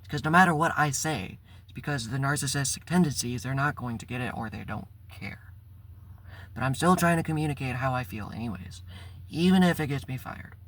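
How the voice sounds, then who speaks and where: A man's voice: mid-range voice, brisk, fairly bright tone. A man telling a personal story in a casual, rambling vlog, swearing and breaking into bursts of exasperation. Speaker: spiritual vlogger.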